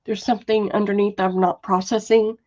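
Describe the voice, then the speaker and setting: A woman hosting a casual live sale, chatting slowly and softly with many fillers and reading out viewer comments. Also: medium pitch, flat delivery. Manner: chatty, warm-hearted, reads viewer comments aloud; slow, soft-spoken, with frequent fillers. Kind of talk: casual live selling chat. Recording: dull lo-fi livestream audio.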